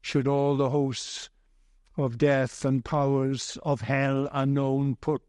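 A man preaching a sermon as pastor, earnest and heavy with repetition and pauses. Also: medium pitch, a little mellow, smooth, no echo, clean studio sound.

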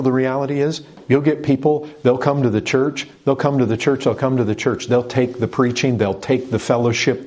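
Husky middle-aged male pastor, emphatic sermon delivery, repeats for effect. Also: medium pitch, darkish tone. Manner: emphatic, repetitive preaching with rhetorical questions.

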